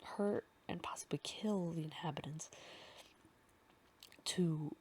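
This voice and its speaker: A woman hosting a casual fanfic recap, rambling with many fillers and often slipping into a soft half-whisper. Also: deep voice, slow, husky. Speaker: podcast host recapping a fanfic.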